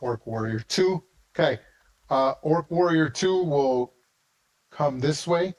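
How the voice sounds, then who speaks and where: A man's voice: on the high side, animated, takes it slowly, rough recording. A man narrating and running a tabletop game as game master, talking casually with many restarts.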